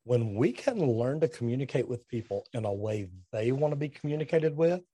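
A man in casual podcast conversation with a direct, to-the-point way of talking, acting out quick snippets of dialogue. His voice sits at a middle pitch and is recorded close and dry, with no room sound. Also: breathy edge, no room sound. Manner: direct, animated, acts out quoted dialogue. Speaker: guest, trade business owner.

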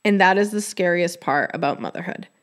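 A woman hosting a podcast in casual chat, candid and expressive, with her talk full of "like". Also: lowish voice, brisk. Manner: chatty, heavy use of "like". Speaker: podcast host.

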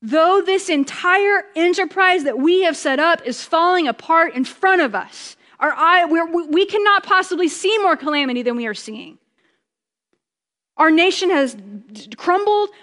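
A woman preaching a conversational sermon, chatty and joking, slowing down for emphasis. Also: extremely high pitch, expressive, fairly bright tone, in a large hall.

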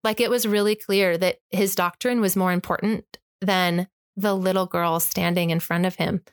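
A woman's voice: on the low side, steady tone, normal speed, clear, resonant tone, no room sound, clean studio sound. An emphatic, impassioned woman telling a personal story as a guest in conversation, acting out the exchanges. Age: adult with an eight-year-old child.

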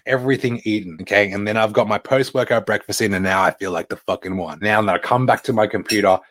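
A man's voice: lowish voice, quick pace. A young adult man, a fitness coach, giving a blunt, profane motivational talk to a live audience, hyped and repetitive.

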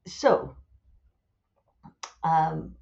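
A woman's voice: sits low, expressive, drawn-out words, gravelly, a little mellow, muffled recording. A woman author chatting casually and rambling, amused at her own asides as she thinks aloud. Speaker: author and podcast host. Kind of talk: casual solo chat.

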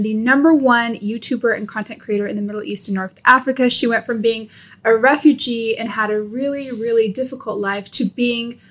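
A woman with a fairly high voice hosts a casual interview podcast. She is effusive and openly affectionate. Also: fairly bright tone. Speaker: podcast host.

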